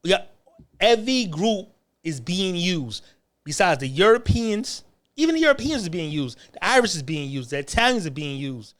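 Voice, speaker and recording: This American online commentator has a high-pitched, sing-song, slightly bright voice at normal speed. Ranting to the camera with profanity and taunts, he laughs mockingly and stammers, restarting over and over.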